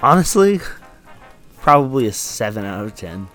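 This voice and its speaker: A man's voice: mid-range voice, big pitch swings, normal speed, fairly bright tone, faint music behind. A man co-hosting a comedy podcast, making dry sarcastic remarks and laughing along. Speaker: podcast co-host. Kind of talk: casual comedic chat.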